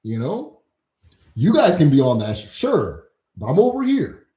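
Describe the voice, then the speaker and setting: A man's voice: a little high, huge pitch swings, a little slow, warm tone. A man hosting his own channel, ranting casually and mockingly to camera, swearing and laughing often. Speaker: host of a channel on Igbo spirituality. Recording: roomy echo.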